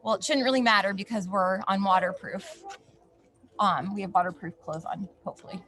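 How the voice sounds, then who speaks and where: Bright-voiced woman leading kids' yoga. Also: medium pitch, brisk. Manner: gentle guiding instructions with playful asides. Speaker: yoga teacher. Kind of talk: outdoor kids yoga class. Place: snowy backyard outdoors.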